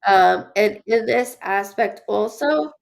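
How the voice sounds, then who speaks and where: A woman giving a live-streamed psychic reading in an animated, rambling way, with many fillers and restarts. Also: mid-range voice, slow pace, creaky, dry recording, poor audio. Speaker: psychic medium.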